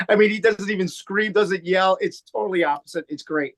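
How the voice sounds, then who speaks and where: A comedian with a high voice chats in an interview. He talks loosely and rambles, circling back with lots of "uh" and restarts. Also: fairly quick, a bit bright. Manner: rambling, many restarts and fillers. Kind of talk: casual interview chat.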